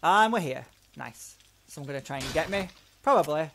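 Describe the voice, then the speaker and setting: A man hosting a let's play video, giving excitable commentary that swears often and talks to himself while he plays, wearing headphones at home. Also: on the high side, moderate pace, gravelly, a little hiss or hum. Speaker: gaming channel host. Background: game music.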